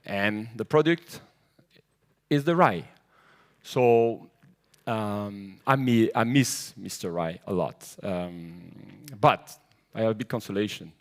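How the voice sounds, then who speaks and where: Slow, halting man giving an event speech. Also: on the low side. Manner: halting, repeats words, grows loud and excited.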